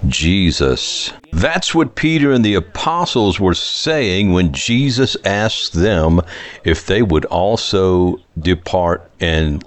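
Deep-voiced, resonant male preacher. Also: dry recording. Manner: fervent, rising and falling emphasis. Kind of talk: sermon.

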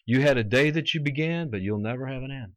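A man's voice: medium pitch, fast talker, dry recording. A man preaching a fervent sermon, quoting scripture and acting out mocking voices.

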